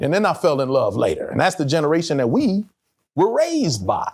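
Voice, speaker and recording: A middle-aged man, an actor, telling a personal story in an interview with animated, profane, emotional delivery. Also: on the high side, fairly quick, slightly rough.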